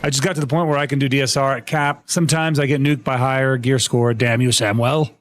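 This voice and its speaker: A young man live-streaming a game, talking to his chat in an excitable, laughing, apologetic way. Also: medium pitch, fast talker.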